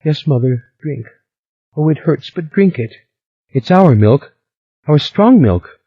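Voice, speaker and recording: A man's voice: a little high, sing-song, slow, breathy edge, lo-fi sound, pitched above the performer's own voice, exaggerated voice. A male audiobook narrator voicing a tall, tearful girl who pleads like a child. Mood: tearful pleading.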